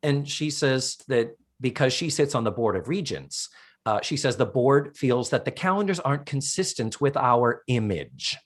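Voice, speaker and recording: Lively male podcast co-host, casual recapper, swings his voice widely. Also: mid-range voice, normal speed. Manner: animated storyteller, swears casually.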